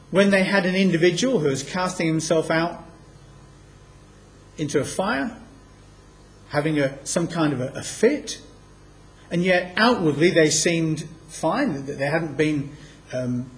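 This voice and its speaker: A man teaching from the Bible, reading passages aloud and slowing down to stress key words. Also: on the high side. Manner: emphatic, slows down to stress quoted scripture. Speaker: preacher.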